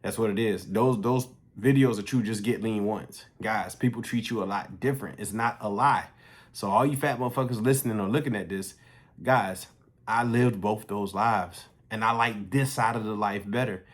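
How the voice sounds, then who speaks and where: Blunt, profane man with a low voice. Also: moderate pace. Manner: storytelling straight to the viewers. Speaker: fitness coach. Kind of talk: casual vlog monologue.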